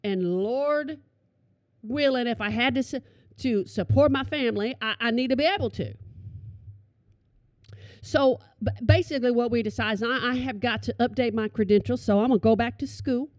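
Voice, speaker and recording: A middle-aged woman telling comic stories to an audience, animated and calling them y'all. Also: fairly high pitch, normal speed, no room sound. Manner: animated, addresses listeners as y'all. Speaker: storyteller.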